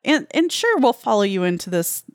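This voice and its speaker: A woman's voice: mid-range voice, big pitch swings, fairly quick, no echo, clean studio sound. A woman co-hosting a podcast in casual chat, hesitant and wry, often restarting her sentences. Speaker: podcast co-host.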